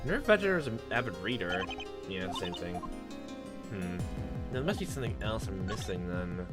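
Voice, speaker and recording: A man's voice: deep voice, sing-song, moderate pace, loud music behind the voice. A man giving casual, thinking-aloud commentary while playing a game. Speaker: let's play host.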